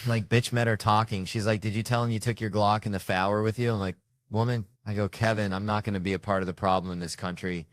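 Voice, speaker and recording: A man's voice: on the low side, fairly even intonation, fast, no echo. A man telling a stand-up story in a rowdy, profane manner, imitating the people in it. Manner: rowdy, profane anecdotes with mimicked voices. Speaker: stand-up comedian.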